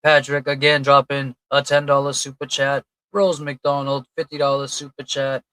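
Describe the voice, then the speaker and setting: A man's voice: medium pitch, flat delivery, normal speed, pushed and bright, clean tone, dry recording, low-quality recording. Man hosting a livestream. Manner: reads out donor names and thanks them, chatty and loose. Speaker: livestream host. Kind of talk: casual livestream chat reading super chats.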